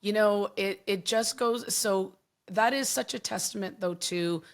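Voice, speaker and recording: A woman's voice: mid-range voice, measured pace. A woman hosting a podcast interview, effusive and emotionally responsive in conversation. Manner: warm, effusive, emotional reactions. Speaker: podcast host.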